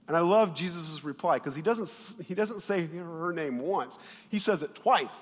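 A male pastor delivers a sermon in an animated, conversational way, jumping from loud bursts to quiet asides and acting out the quoted voices. His voice sits a little high for a man. The sound carries a long reverb, as in a church hall. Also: a little slow.

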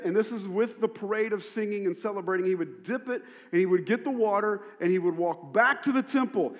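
A male pastor preaching a sermon, telling the story animatedly with lots of repetition. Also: high-pitched. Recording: long hall reverb.

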